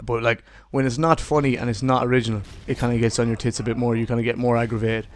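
A man's voice: mid-range voice, level tone, fast talker. A young Irishman with an Irish accent, ranting casually to his viewers in a rambling, profane, jokey way. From Ireland. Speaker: gaming vlogger. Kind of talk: casual rant to camera.

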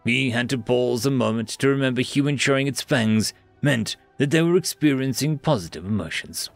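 A man narrating science fiction stories in an expressive, dramatic reading style. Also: medium pitch, moderate pace, no room sound, faint music behind. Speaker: story narrator. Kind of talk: scripted sci-fi narration.

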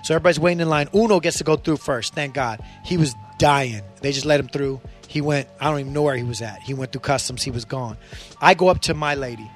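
A man hosting a podcast, telling a road story in a casual, animated way and swearing freely. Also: mid-range voice, quick pace, soft background music. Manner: animated, acts out voices in his stories, swears freely. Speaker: podcast host.

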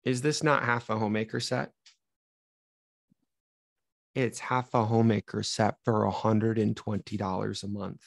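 A man's voice: lowish voice, little pitch movement, normal speed, vocal fry, long pauses, dry recording, studio quality. A young man running a live sales training, talking straight to his trainees with energy that rises and falls.

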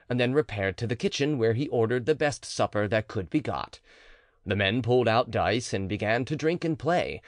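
Lively male audiobook narrator. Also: fairly low pitch, dry recording, clean studio sound.

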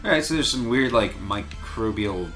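A woman's voice: very deep voice, expressive, moderate pace, fairly bright tone, faint music behind. A woman streaming a video game with friends, chatting casually with sarcastic, mock-dramatic asides and frequent swearing. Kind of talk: casual gameplay banter.

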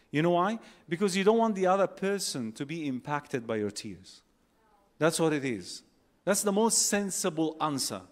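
A high-voiced man preaches to a packed convention hall. He talks with animated energy, throws questions at the crowd and acts out little quotes along the way. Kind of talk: religious talk to a live audience. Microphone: holding a phone and a mic on stage.

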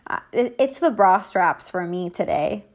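A woman's voice: mid-range voice, lively intonation, a little slow. A young woman talking casually through her vlog, joking and poking fun at herself as she cooks and tastes food. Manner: jokey, self-mocking, chatty. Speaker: vlogger. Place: home kitchen.

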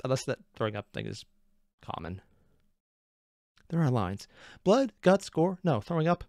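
A man reacting to a video in casual commentary, rambling and giggly, over-caffeinated and jumping into high squeaks. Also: sing-song, moderate pace, darkish tone, no room sound, clean studio sound. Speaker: reaction streamer.

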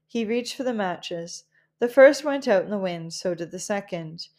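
A woman reading a children's novel aloud in a gentle, measured storytelling manner. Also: mid-range voice, expressive. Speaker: audiobook reader.

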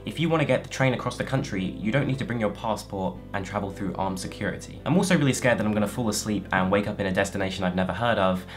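A man telling a personal story about his first trip alone in a quick, conversational way. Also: lowish voice, soft background music.

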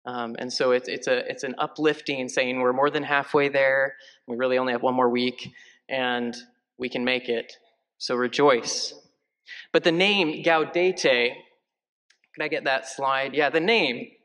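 A male parish priest giving a conversational homily, joking lightly and filling pauses with ums and uhs. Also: mid-range voice, fairly even intonation, a bit bright. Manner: chatty, joking, many fillers. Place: large church. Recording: long church reverb.

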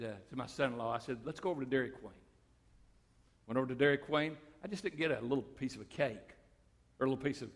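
A man preaching a sermon as pastor, moving between loud declarations and quiet stories. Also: medium pitch, big-room sound. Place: church sanctuary.

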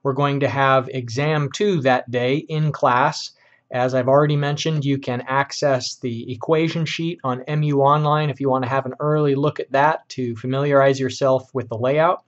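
A male engineering professor giving a recorded class lecture, explaining problems in a measured way with frequent fillers and pauses. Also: mid-range voice, fairly even intonation, muffled recording.

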